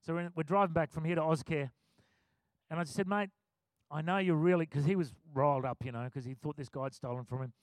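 A middle-aged pastor delivers a sermon in an easy, conversational storytelling manner and often breaks into a laugh. His voice sits fairly high for a man. The sound is dry and close, with no room echo. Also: fast.

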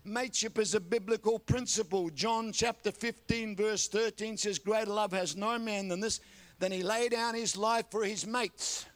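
A man's voice: high-pitched, steady tone, moderate pace. An older man preaching a sermon, telling folksy stories and calling for amens. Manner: folksy storytelling with calls for amen. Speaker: pastor.

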